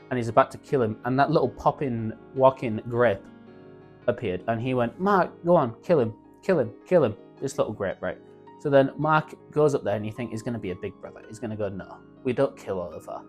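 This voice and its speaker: A young man excitedly recapping a show in casual slang, acting out the characters' lines as he goes. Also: medium pitch. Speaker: YouTube reviewer.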